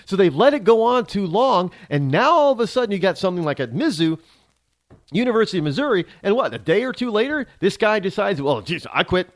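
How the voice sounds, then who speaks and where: A man's voice: high voice, very animated, fast talker, no room sound. A male talk show host delivering a sarcastic, ranting opinion monologue, switching into mock voices.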